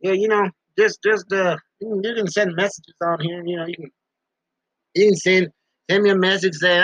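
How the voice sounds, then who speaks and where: A man rambling host, bright and high. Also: steady tone, moderate pace, no room sound. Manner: talks about himself in third person, repeats words. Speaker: podcast host. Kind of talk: rambling casual monologue. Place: basement. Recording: dull muffled sound.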